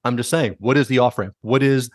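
A man hosting a podcast, talking fast and tossing out blunt, profane opinions in a loose, rambling way. His voice sits at an ordinary pitch. The sound is dry and close, with no room echo. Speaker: podcast host. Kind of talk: casual podcast conversation.

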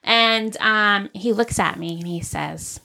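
A woman co-hosting a casual podcast, chatty and quick to laugh. She tells stories with an even, middle-pitched voice and acts out the other people's lines along the way. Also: gravelly. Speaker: podcast co-host. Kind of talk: casual chat, storytelling.

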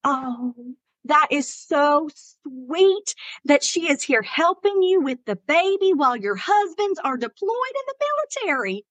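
A woman voicing a nosy, gushing Southern church lady with a high, sugary drawl and a Southern US accent. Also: big pitch swings, a little slow, a bit bright, exaggerated voice, low-quality recording.

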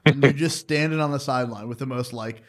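A man's voice: mid-range voice, fast. A man, a coach, asking questions earnestly in a casual podcast chat.

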